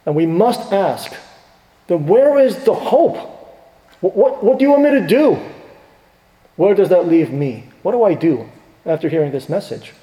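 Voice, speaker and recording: Emphatic pastor in a reverberant hall. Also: male voice, high voice, big pitch swings, unhurried, pauses often. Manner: emphatic, swings from hushed to rising. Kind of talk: sermon. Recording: echoey hall with long reverb.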